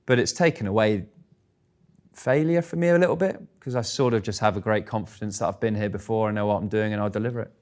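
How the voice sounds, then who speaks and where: A man's voice: on the low side, quick pace, a little mellow. An English man in his thirties, a guest at a live event, telling stories in a chatty, self-deprecating way and laughing at himself. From England. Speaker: guest speaker. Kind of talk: live stage interview, storytelling.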